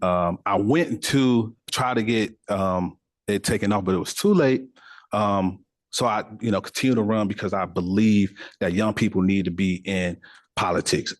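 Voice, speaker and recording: A man's voice: fairly low pitch, rough recording. A young man speaking as a candidate at a community political meeting, passionate and emphatic, with repeated phrases and frequent fillers. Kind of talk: impassioned campaign speech, then answering questions.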